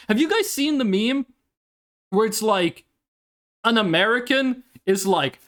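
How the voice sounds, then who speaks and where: A lively Norwegian VTuber with a slightly high voice chats casually on stream and reads her chat, taking her time. She's animated and blunt, swears freely, and laughs a lot.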